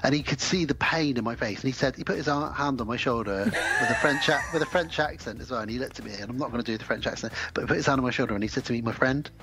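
A man's voice: mid-range voice, rapid-fire, hardly any pauses. A man co-hosting a podcast, telling anecdotes and teasing with dry jokes. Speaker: podcast co-host. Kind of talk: casual chat.

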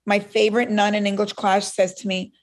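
As a guest in an interview, this middle-aged Cuban woman recounts something personal with lively energy, voicing other people's lines. Her mid-range voice moves briskly.

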